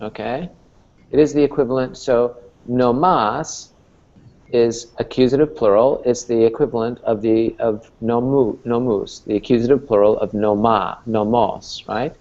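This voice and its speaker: A man's voice: mid-range voice, fairly even intonation, measured pace, a little mellow, muffled recording. A man teaching a Greek class as professor, explaining patiently and checking in with "okay?" and "right?". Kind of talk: classroom lecture.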